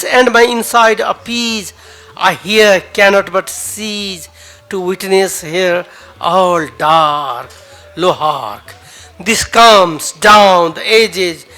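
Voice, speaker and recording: A man with a Nepali accent performs spoken word poetry at a cafe open mic. His voice sits high and bright, and he delivers each line slowly and dramatically, repeating phrases for emphasis. Faint music plays in the background. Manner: dramatic, emotive recital with pauses and repeated lines.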